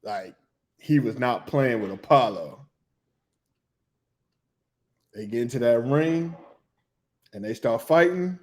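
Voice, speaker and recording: A middle-aged man hosting a podcast, telling a loose, animated story in casual slang, with laughs and restarts. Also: medium pitch, slow, long pauses. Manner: animated, humming tunes and acting out reactions. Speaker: podcast host.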